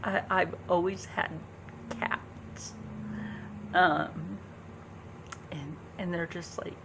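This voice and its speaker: A woman chatting casually while doing a makeup tutorial. She is soft-spoken, often drops into a whisper, and fills pauses with ums. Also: lowish voice, fairly even intonation, gravelly, background noise. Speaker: beauty vlogger. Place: indoors at home.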